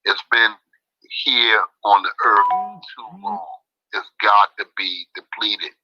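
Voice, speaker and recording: A man's voice: on the low side, sing-song, slow, no echo. A man talking as an interview guest, emphatic, repeating himself for stress. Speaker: boxing trainer, interview guest. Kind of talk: casual interview talk. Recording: dull lo-fi dry sound.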